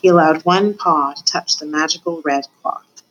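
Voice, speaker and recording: A woman student reading a children's novel aloud, narrating with expressive voices for the characters. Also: low-pitched, moderate pace, low-quality recording. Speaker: student reader.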